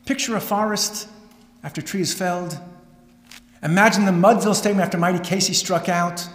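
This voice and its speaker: A man's voice: high-pitched, fairly quick. A middle-aged man, a rabbi, giving a dramatic storytelling lecture with wry asides. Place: synagogue hall. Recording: echoey hall with long reverb.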